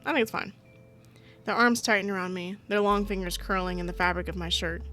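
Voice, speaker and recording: A woman's voice: mid-range voice, a little fast, fairly bright tone, soft background music. A woman streaming a visual novel, reading it aloud with playful, giggly commentary. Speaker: gaming streamer.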